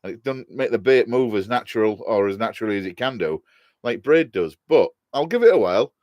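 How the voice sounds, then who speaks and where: A man's voice: fairly low pitch, expressive, fairly quick, no echo, highs cut off. A middle-aged man with a Hull, East Yorkshire accent, chatting casually on a live stream, answering viewer comments in a jokey, rambling way and laughing often.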